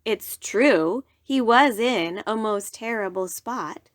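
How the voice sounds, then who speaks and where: A woman storyteller reading a rhyming bedtime story aloud in an animated way. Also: mid-range voice, slow pace, no room sound, clean studio sound.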